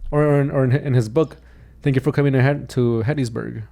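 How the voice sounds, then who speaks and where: A young man telling a story on a podcast in a loose, rambling way. His voice sits at an ordinary middle pitch, and he keeps restarting his sentences and saying "dude". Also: fairly even intonation, brisk, gravelly, mellow. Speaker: podcast co-host, comedian. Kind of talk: casual chat.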